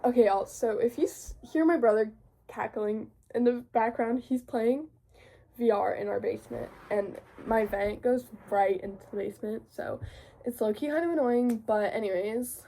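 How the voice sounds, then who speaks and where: Her voice sits on the high side yet sounds gravelly and dark, moving at a moderate pace. A teenage girl who makes book videos, she's sick and sniffling while bubbling through a rambling, filler-laden chat about her latest books.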